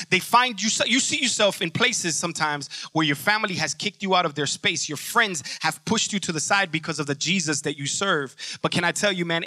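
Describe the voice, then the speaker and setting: A man's voice: on the high side, pushed and bright, dry recording, studio quality. A man preaching a sermon in an emphatic, conversational way, asking rhetorical questions as he goes.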